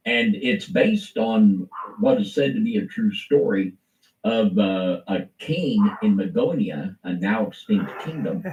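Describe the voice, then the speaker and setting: Preacherly man with a deep, lively voice. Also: a little slow, echoey room, recorded from a distance, highs cut off. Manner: preacherly, swinging between low and emphatic. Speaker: co-host. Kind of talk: impassioned religious commentary.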